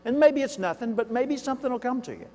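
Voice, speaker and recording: A man's voice: extremely high pitch, expressive, fast talker, darkish tone. A man from Arkansas with a toned-down Southern accent, giving a keynote speech and telling folksy stories with asides to the audience. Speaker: keynote speaker. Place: large hall. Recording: reverberant hall, live event.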